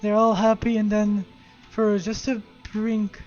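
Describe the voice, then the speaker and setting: A gaming video creator casually recapping a game story, animated and profane, throwing in spoken sound effects. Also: mid-range voice, a little slow, dull audio, faint music behind.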